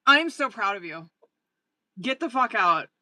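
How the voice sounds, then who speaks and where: A woman giving tarot readings on a live stream, her voice bright and forceful. She talks straight to a viewer, swearing freely and riding an excitable energy. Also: a little high, unhurried, low-quality recording. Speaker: tarot reader.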